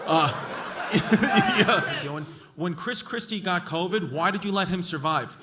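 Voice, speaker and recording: In a large comedy club, a man with a high, unhurried voice does stand-up crowd work, brashly and profanely mocking hecklers. The live club recording carries crowd noise, with the audience laughing in the background.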